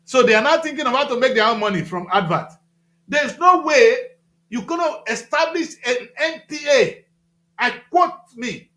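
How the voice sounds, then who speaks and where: A man with a Nigerian accent giving impassioned talk-show commentary, emphatic and repetitive, with loud outbursts. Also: very high voice, animated, normal speed, echoey room.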